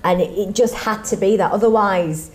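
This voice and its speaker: A woman, an actress, answering questions on a chat show in a warm, rambling way with many restarts. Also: mid-range voice, normal speed. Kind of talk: casual interview chat.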